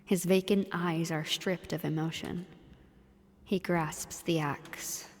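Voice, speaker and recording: A woman with a slightly low voice reads out a story game's narration in an even, measured manner. She sounds like she is in a space with long reverb, and she slips into quick casual chat between passages. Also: a little hiss or hum. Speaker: let's play co-host narrating the game text. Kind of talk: reading game narration aloud with casual asides.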